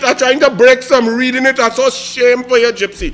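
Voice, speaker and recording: A man's voice: extremely high pitch, moderate pace, a bit bright. A man with a Trinidadian accent giving mocking political commentary, taunting and theatrical. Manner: taunting, theatrical, repeatedly needling.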